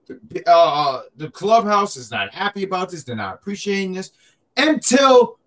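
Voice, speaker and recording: A man's voice: high voice, very animated, normal speed, fairly bright tone. A man co-hosting a podcast, chatting casually and animatedly, joking and often repeating himself. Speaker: podcast co-host. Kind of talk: casual wrestling chat.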